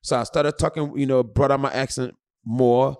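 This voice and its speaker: A middle-aged comedian from Ghana, hosting a casual podcast chat and telling animated stories. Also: male voice, mid-range voice, normal speed, smooth. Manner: animated storyteller, loud when joking.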